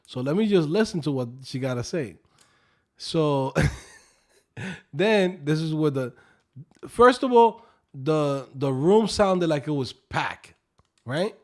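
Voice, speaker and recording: A man hosting a casual live stream, telling a story in an animated, joking way and swearing often. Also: a little high, slow pace, pauses often. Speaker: coding instructor and live stream host.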